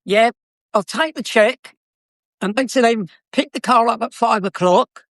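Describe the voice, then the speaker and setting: Speaking at a moderate pace, this man has an extremely high-pitched voice with a fairly bright tone. He's an older former car dealer from South London, telling anecdotes cheekily and chattily with plenty of laughter. There's no echo, just clean studio audio.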